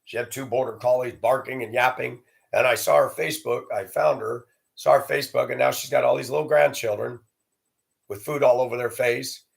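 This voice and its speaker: A man's voice: mid-range voice, steady tone, a little fast, vocal fry. A man telling a sarcastic, profane story as a ranting monologue to camera. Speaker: vlogger.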